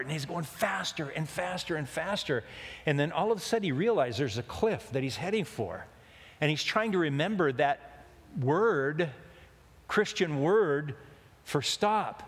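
A man whose voice sits on the high side preaches with animation at a moderate pace, telling a winding, funny story in a folksy manner. The recording has a long hall reverb.

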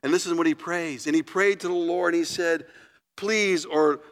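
A man preaching a sermon as a pastor, in a conversational, animated style, acting out voices as he tells the story. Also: a little high, normal speed.

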